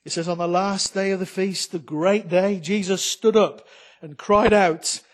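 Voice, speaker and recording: A man preaching a sermon to his congregation, with many rhetorical questions, swinging between loud emphatic lines and soft quiet ones. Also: sits high, measured pace.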